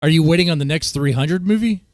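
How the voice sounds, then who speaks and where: A man's voice: fairly high pitch, fast, no room sound, clean studio sound. A man co-hosting a stream, chatting casually in a laid-back, joking way. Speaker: stream co-host. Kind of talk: casual chat.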